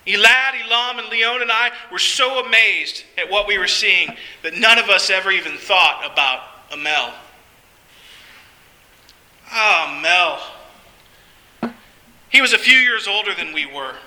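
A man's voice: high-pitched, bright, forceful tone, low-quality recording. A man narrating a first-person story in an earnest, heartfelt way.

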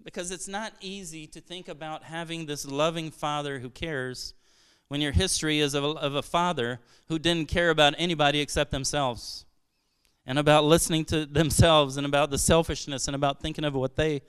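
Preaching in a high, very clear voice with a fairly bright tone, this Brazilian pastor addresses his congregation. His sermon feels earnest and conversational, with restarted phrases and rhetorical questions thrown in.

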